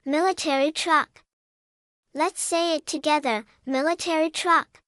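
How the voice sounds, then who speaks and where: A woman narrating a scripted vocabulary lesson for young children, spelling words out slowly and adding playful sound words. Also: high voice, dry recording, studio quality. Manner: slow, even spelling-out with cheerful sound words. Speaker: vocabulary teacher.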